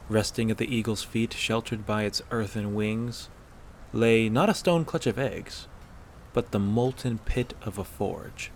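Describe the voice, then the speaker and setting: A man narrating a fan-fiction story aloud in a steady, measured way. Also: fairly low pitch, a little hiss or hum.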